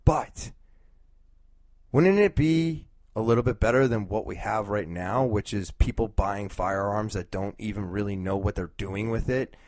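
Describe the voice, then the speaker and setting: A young man talks alone on his podcast, thinking aloud and circling his point with ums and restarts. His voice sits on the low side. The sound is dry and close, with no room around it. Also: measured pace, darkish tone, dry recording. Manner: rambling, thinking aloud with fillers. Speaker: podcast host. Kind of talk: casual solo talk.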